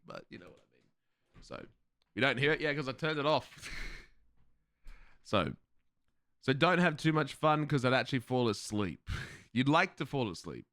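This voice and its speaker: A man streaming live, chatting loosely with his viewers and laughing between lines. His voice climbs and drops in a lively way, with a slight lisp and words that slur now and then. The sound is dry and close, with no room echo. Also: mid-range voice. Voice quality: slight lisp, slurs at times. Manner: animated, profane, laughs often. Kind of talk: casual livestream chat with viewers.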